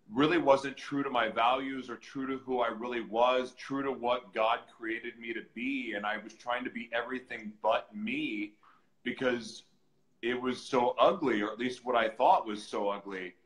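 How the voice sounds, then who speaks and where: A man guest on a podcast, candidly telling his personal story in an earnest, animated way. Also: mid-range voice, low-quality recording. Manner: earnest, animated, acts out shouted voices in retelling. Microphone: live stream, reads comments on screen.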